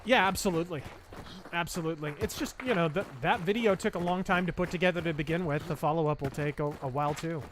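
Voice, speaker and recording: Over background noise, a fast-talking man with a slightly high voice plays a shooter game on a live stream. He's blunt and profane, laughs easily, and swears as he answers viewers.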